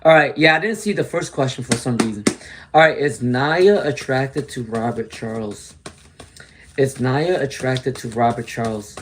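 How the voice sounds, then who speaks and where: A man's voice: mid-range voice, normal speed, noisy background. A man hosting a live tarot reading stream, chatting with viewers by name and muttering to himself while he looks for questions.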